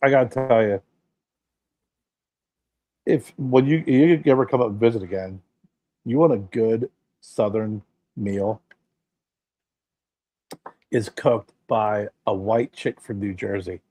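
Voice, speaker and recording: A man's voice: lowish voice, slow pace, long pauses. A man co-hosting a podcast, telling stories in a casual, emphatic way and swearing now and then. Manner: emphatic, animated storytelling with swearing. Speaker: podcast co-host. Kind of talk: casual chat.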